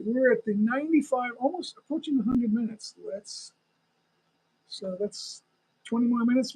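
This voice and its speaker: A man's voice: extremely high pitch, a little mellow, husky, poor audio. A man chatting casually on a live stream, rambling and talking straight to his viewers. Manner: rambling, talks to viewers, chuckles often.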